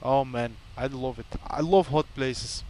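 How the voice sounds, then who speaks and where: A man's voice: mid-range voice, measured pace, a little mellow, slight background noise. Chatty Dutch-native man streaming a flight sim. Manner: chatty, thinking aloud while running cockpit checks. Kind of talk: casual gameplay commentary.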